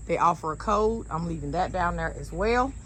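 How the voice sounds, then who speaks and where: A woman's voice: fairly low pitch, moderate pace, slight background noise. Chatty woman vlogging on a patio. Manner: chatty, relaxed, addresses viewers directly. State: out of breath. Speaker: lifestyle vlogger. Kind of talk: casual sponsored vlog. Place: outdoor patio. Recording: background music, voice sometimes far from mic.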